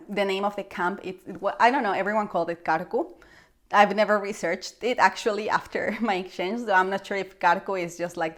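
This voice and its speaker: A young woman with a Mexican Spanish accent tells a story straight to her viewers in a casual vlog. Her voice sits at a middle pitch. She talks freely with lots of fillers and jumps into animated exclamations as she acts out what she thought. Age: young adult. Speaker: vlogger.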